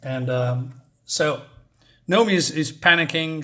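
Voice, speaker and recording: A man's voice: fairly high pitch, a little slow. A man casually recapping a comic book's plot, rambling and hesitant, often losing his thread. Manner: rambling, many fillers and restarts. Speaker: comic reviewer.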